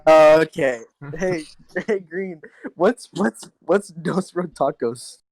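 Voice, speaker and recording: A man's voice: on the high side, slow pace, darkish tone, poor audio. A man guest on a podcast, apologetic and eager to ask questions, over a glitchy internet voice chat. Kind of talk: casual chat.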